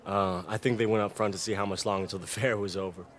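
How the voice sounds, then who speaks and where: An actor playing a laid-back young male pro basketball player with a dry, low-key way of talking. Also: fairly even intonation, fast talker, close to an everyday voice. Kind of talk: video game voice acting.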